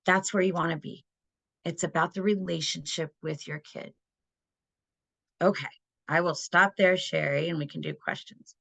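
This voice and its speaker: In her parenting webinar presentation, a middle-aged woman talks earnestly and conversationally, regularly adding "right?". Her low voice is husky, creaky and a bit bright, with a steady tone, normal speed, and frequent pauses.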